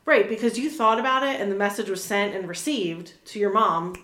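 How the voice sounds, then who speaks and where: A woman's voice: medium pitch, lively intonation, brisk, a bit bright, reverberant, a little hiss or hum. A woman in her thirties chatting casually as an interview guest, full of fillers, restarts and little laughs. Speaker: animal communicator guest.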